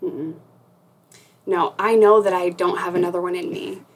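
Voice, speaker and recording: A woman's voice: fairly low pitch, fairly even intonation, moderate pace, slightly rough, low-quality recording. A young woman guest in a casual interview, talking frankly and profanely, with a self-mocking laugh. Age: young adult. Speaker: podcast guest.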